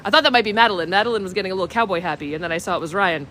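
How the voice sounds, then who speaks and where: Rapid-fire and very animated, a woman speaks in a mid-range voice that sounds pushed and bright, with slight background noise. She's a bubbly travel livestreamer touring a village street on foot, responding to viewers' comments and a bit sniffly from a cold.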